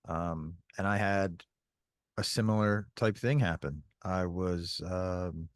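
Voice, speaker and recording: This is an easygoing man co-hosting a podcast. His voice sits on the low side, and he keeps his turns short and friendly. He is recorded close and dry. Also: fairly even intonation, takes it slowly, no room sound. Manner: easygoing, friendly, brief replies. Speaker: podcast co-host. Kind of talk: casual podcast chat.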